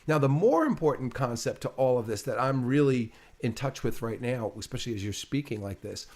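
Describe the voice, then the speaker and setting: A man as an interview guest, explaining ideas in an animated, emphatic way during a casual conversation. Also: medium pitch, brisk.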